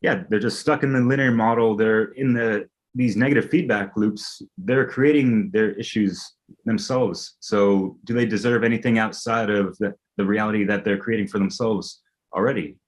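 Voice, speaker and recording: A man's voice: on the low side, steady tone, moderate pace, poor audio. A man hosting a podcast interview in a casual, hesitant way, often searching for words. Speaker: podcast host.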